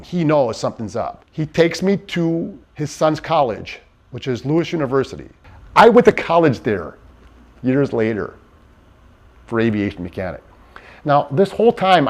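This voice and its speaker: A man in an interview, giving personal testimony in a halting, earnest way with many restarts. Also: mid-range voice. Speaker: interviewee in a docuseries.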